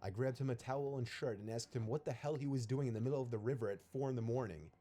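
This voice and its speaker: A man reading a scripted first-person horror story in a steady, even storytelling manner. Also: medium pitch, quick pace.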